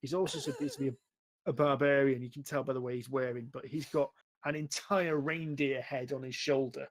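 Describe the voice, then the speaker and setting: A man's voice: medium pitch, fairly even intonation, brisk. A man narrating as game master of a tabletop game over an online call, describing scenes in a casual way.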